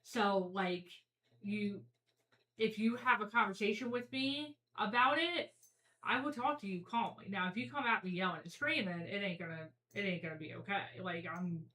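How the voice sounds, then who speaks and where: A woman's voice: medium pitch, normal speed, pushed and bright, roomy sound, recorded from a distance, poor audio. A woman talking frankly and bluntly as a guest in a casual chat, swearing freely. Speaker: podcast guest.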